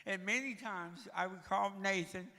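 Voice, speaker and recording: A man tells his life story with wry, self-deprecating humor, his heavy breathing always audible. His voice sits a little high, with a gravelly edge and a bright, forceful ring. The long reverb of a church hall trails behind his words. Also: moderate pace. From Tennessee, USA. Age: 60s. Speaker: guest speaker. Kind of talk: humorous personal testimony. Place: church sanctuary.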